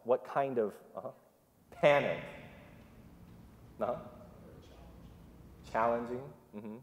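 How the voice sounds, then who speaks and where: A man of medium pitch preaches slowly, and the recording's highs are cut off. Speaking in a church sanctuary with long reverb, he repeats the congregation's answers and animatedly tells the story in his interactive sermon.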